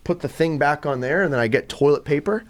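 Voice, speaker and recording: A young man hosting a podcast, telling a story in a casual, animated way and acting out what others said. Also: a little high, fast, a little hiss or hum. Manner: animated, acts out quotes in exaggerated voices. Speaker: podcast host. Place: indoor studio.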